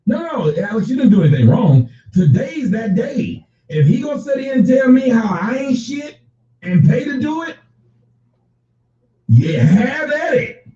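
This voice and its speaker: A man hosting a casual livestream, reading viewer chat aloud and answering chatters by name in an animated, profane way. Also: very high-pitched, measured pace, distant mic. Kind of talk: casual unscripted livestream talk. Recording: echoey room, off-mic, dull lo-fi sound.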